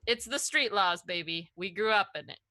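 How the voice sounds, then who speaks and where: A woman's voice: medium pitch, moderate pace, pushed and bright, dry recording. A woman playing her character in a tabletop role-play, sassy with laughing banter. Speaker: player.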